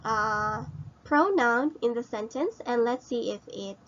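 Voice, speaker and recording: A woman with a Filipino English accent teaches grammar at a very unhurried pace. Her voice sits a little high, and she asks and answers her own questions. The recording sounds slightly dull and lo-fi. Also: expressive, a bit bright, slight background noise. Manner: slow, explaining step by step with rhetorical questions. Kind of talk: recorded online grammar lesson.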